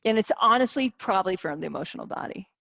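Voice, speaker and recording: A woman in her forties giving a casual teaching talk to a group as a wellness coach, animated, with many restarts and rhetorical questions. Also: medium pitch, quick pace, creaky, no echo, dull audio. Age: 40s.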